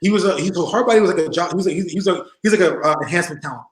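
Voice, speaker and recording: A former wrestler in his forties tells stories in a casual interview, his high voice racing along. He's animated, laughs often, and acts out other people's voices. The audio is poor, in an echoey room.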